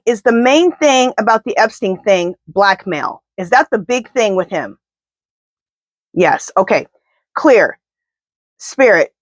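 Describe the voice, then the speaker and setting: A woman's voice: medium pitch, no room sound. A woman doing a casual tarot reading to camera, talking to her spirit guides and speaking bluntly and indignantly. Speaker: tarot reader.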